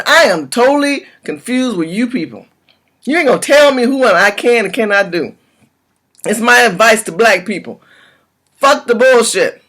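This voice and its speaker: A woman from California ranting to camera in a vlog, her voice swooping between high and low. She is impassioned and blunt and swears freely. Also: a bit bright. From California, USA. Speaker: political vlogger. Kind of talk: direct-to-camera political rant.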